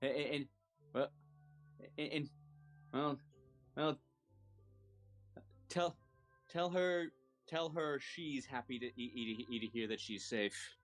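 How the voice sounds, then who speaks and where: A man's voice: medium pitch, slow pace, pauses often, faint music behind. A man playing a tabletop game, talking casually and stammering through many false starts. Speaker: player.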